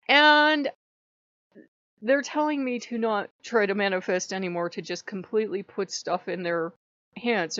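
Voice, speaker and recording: A woman's voice: fairly low pitch, a bit bright, no room sound, lo-fi sound. A woman telling a personal story in a chatty vlog, often breaking into laughter. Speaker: channel host.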